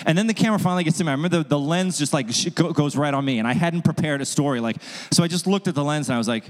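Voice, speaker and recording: A man telling a comic story on stage as host, acting out quoted people with sudden jumps in pitch. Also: racing. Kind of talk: stand-up storytelling. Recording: long hall reverb.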